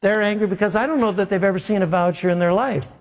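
A male pastor telling a wry, animated story during a sermon. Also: high voice, quick pace, big-room sound. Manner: animated, wry anecdotal delivery.

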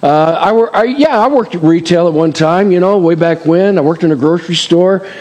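Heard through long hall reverb, this middle-aged male pastor delivers a chatty sermon full of asides, often tossing out "amen?" and "right?" to the room. He speaks briskly in a high, slightly mellow voice.

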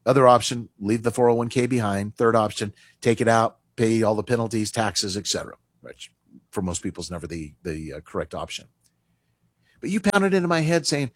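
A man's voice: fairly low pitch, animated, fairly quick, dry recording. A man hosting a radio finance talk show, explaining retirement rules in an emphatic, conversational way. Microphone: studio microphone.

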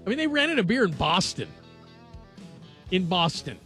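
A man's voice: sits high, moderate pace, soft background music. A man hosting a sports radio show, chatting and joking with his co-hosts. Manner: chatty, jokey, animated. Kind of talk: casual sports radio banter.

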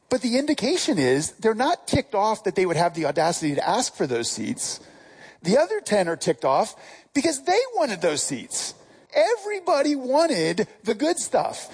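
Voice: mid-range voice, darkish tone, breathy edge. A pastor preaching a casual sermon, talking conversationally and often restarting and repeating words.

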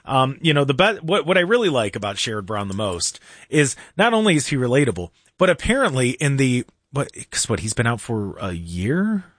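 A man's voice: mid-range voice, big pitch swings, brisk, hardly any pauses, fairly bright tone, dry recording, clean studio sound. A man hosting a talk radio show, bantering sarcastically and rambling through restarts.

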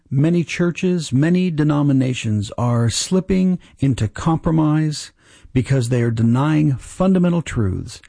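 A man hosting a short radio prayer program, leading listeners in an earnest, measured spoken prayer. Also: medium pitch, vocal fry, dark tone, dry recording, clean studio sound. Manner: earnest, measured praying cadence.

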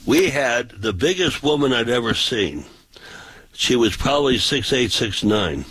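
A man's voice: mid-range voice, lively intonation, a little slow, a bit bright, husky, no room sound, poor audio. A man, a pastor, telling folksy, rambling anecdotes in casual talk-show style.

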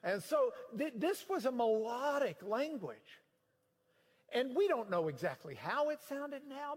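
A preacher man teaches scripture in an animated, emphatic way. His voice sits high and swings widely in pitch. The sound rings with a long hall reverb. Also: a little slow. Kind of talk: sermon-style Bible teaching.

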